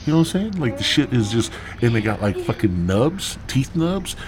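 A man's voice: medium pitch, big pitch swings, normal speed, crowd noise. A man hosting a podcast, rambling through a crude, profane comic story in a stoned drawl. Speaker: podcast host.

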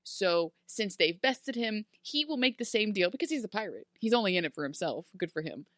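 A bright, sharp-toned woman chatting about a TV show. She is animated and laughs a lot, slipping into quick mock voices for the characters. The sound is close and dry. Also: medium pitch, no echo. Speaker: podcast co-host. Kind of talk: casual chat recapping a TV show.

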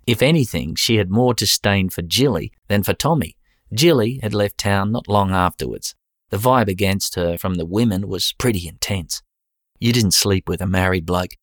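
A man with an Australian accent, reading a story aloud in a plain, steady way with casual slang. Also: deep voice, no echo, clean studio sound. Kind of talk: audiobook narration.

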